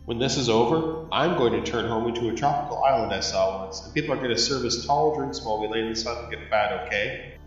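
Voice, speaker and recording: A man voicing a tired, loving husband who speaks low and soft. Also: fast, heavy reverb, faint music behind, close to an everyday voice. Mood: weary. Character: weary, loving husband far away. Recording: slightly dull recording.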